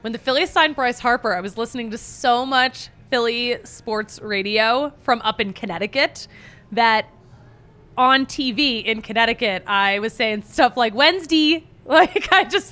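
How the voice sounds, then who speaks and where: A chatty woman with a Philadelphia accent hosts a sports podcast, her voice hoarse and worn from screaming. Her tone is bright and her pitch sits a little high, and she often laughs at herself. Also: moderate pace. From Philadelphia area. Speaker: podcast host. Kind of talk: casual sports podcast chat.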